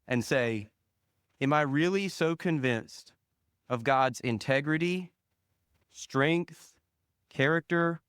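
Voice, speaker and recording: Pastor guy preaching, smooth clear voice, fairly high for a man, leans hard on key words, trails off quiet. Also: no echo, studio quality. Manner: slow, emphatic stress on single words; drops soft and low at phrase ends. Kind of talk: sermon.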